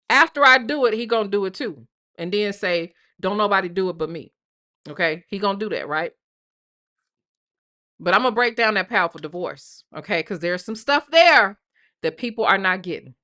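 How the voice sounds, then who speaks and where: Bright-voiced woman gossiping bluntly. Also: mid-range voice. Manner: blunt, profane, repeats "okay?". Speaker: live stream host. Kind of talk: casual gossip commentary. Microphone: live stream mic.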